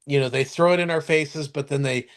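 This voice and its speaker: A man co-hosting a podcast, chatting casually about TV shows in a rambling, halting way full of restarts and fillers, and swearing now and then. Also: fairly high pitch, fairly even intonation. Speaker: podcast co-host. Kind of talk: casual chat reviewing TV shows.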